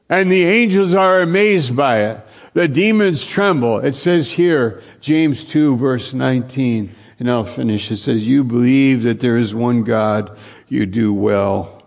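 A man preaching a sermon slowly and earnestly, repeating phrases for emphasis and often dropping to a hushed, low voice. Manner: slow, earnest preaching with long pauses, sinking to a hushed low voice.

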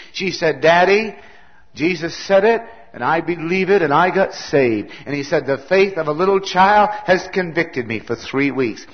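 Lo-fi preacher man, rising and hushing. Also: fairly high pitch. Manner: preaching with rising and falling volume, sometimes dropping very soft. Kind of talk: sermon. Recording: dull lo-fi recording.

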